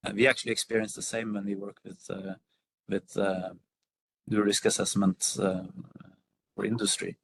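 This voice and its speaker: A man's voice: fairly low pitch, level tone, moderate pace, gravelly, background noise. A man on a video call answering a workshop question, hesitant with many fillers and restarts. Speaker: workshop panelist.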